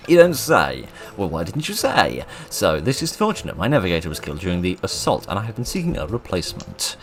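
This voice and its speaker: A man's voice: deep voice, wildly swooping pitch, brisk. A man voicing a drunk, pompous male ship captain who snaps and barks at people in a video game. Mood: pleased. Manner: loud, haughty, snapping.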